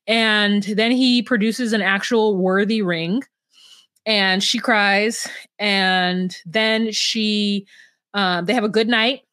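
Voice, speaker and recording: A woman's voice: medium pitch, steady tone, takes it slowly, a bit bright, no echo. A woman co-hosting a podcast, rambling through a story and acting out the quotes in a casual recap chat. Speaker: podcast co-host.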